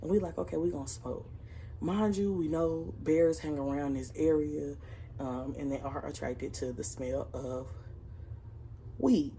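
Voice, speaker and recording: Young woman, storytime vlog, slangy and profane, slightly low voice. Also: a little slow, slight background noise. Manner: profane, animated retelling with slang. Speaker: storytime vlogger. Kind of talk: casual storytelling.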